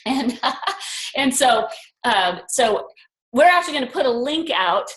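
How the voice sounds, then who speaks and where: Animated older woman telling a story. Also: high voice, unhurried, reverberant, poor audio. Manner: animated storyteller acting out her own inner voices. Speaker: group leader. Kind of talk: personal story on a group video call. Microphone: video call.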